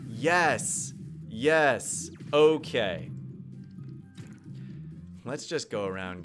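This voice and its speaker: A man streaming a mobile game live, commentating playfully and excitably while answering his chat. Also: fairly high pitch, slow, long pauses. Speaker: gaming streamer. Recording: game music behind voice.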